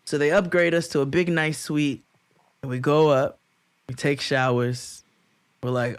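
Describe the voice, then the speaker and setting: Lively man telling a story, high voice. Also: a little slow, clean tone, no room sound. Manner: animated storyteller, acts out quotes in high voices, laughs often, swears freely. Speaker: podcast co-host. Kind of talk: casual storytelling chat.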